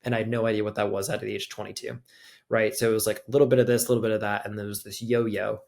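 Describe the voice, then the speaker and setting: Gravelly low-voiced man telling a story. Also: flat delivery, rapid-fire, darkish tone. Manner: loose, conversational, heavy use of filler "like". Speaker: podcast guest. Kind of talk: personal storytelling in casual conversation.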